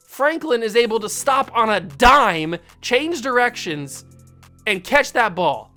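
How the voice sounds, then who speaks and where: A woman's voice: on the high side, animated, slow pace, bright, forceful tone, soft background music. A woman hosting a gaming channel, giving live commentary on a football video game while venting her frustration at the play.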